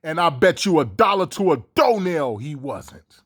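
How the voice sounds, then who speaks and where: A man's voice: a little high, big pitch swings, very noisy. A man ranting in a heated, profane, repetitive way. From Chicago. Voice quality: fast, heated, repetitive delivery. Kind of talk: profane conspiracy rant.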